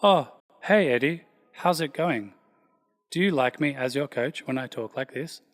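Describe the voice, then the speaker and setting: A man putting on the voice of a stiff, monotone, robot-like male coach, with a flat, mechanical delivery, in a long hall reverb. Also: mid-range voice, measured pace, lightly acted.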